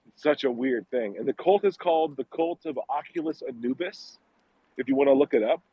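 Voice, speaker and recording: A man's voice: mid-range voice, fairly quick, slightly rough, dry recording. A man telling a creepy personal story in casual chat, acting out the people in it. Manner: animated, acts out dialogue in his story. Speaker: storyteller guest. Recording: dull lo-fi audio.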